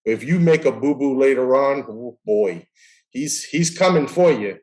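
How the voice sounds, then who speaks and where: A middle-aged man, a guest in a casual chat, tells stories and acts out quoted dialogue in an animated way. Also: mid-range voice, measured pace. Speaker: guest, baseball umpire.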